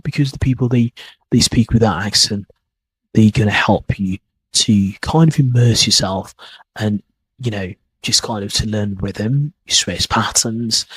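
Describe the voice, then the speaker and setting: A man hosts a podcast lesson as an accent teacher, rambling casually and repeating his points. His voice is on the low side with a breathy edge, and the recording quality is low.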